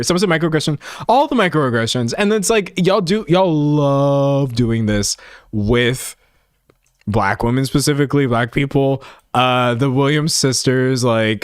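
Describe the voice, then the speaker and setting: A young man in casual reaction commentary, talking in quick emphatic bursts as he reacts to clips. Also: medium pitch, smooth, dry recording, studio quality. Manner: animated, talks fast in bursts, emphatic.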